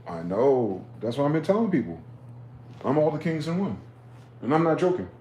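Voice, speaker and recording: A man talking in a rambling, profane late-night monologue, swinging from loud outbursts to low muttering. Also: sing-song, normal speed, reverberant, a little hiss or hum. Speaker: vlogger.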